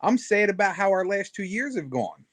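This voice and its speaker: A man's voice: high-pitched, big pitch swings, normal speed, a bit bright, dry recording. A man co-hosting a podcast over a video call, chatting casually and animatedly. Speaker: podcast co-host. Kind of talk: casual chat.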